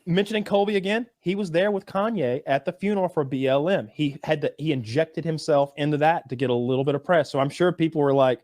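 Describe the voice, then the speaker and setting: Rambling, profane podcast host. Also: male voice, a little high, fast talker, few pauses, no echo, studio quality. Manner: profane, rambling, animated storytelling with many restarts. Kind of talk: casual podcast banter.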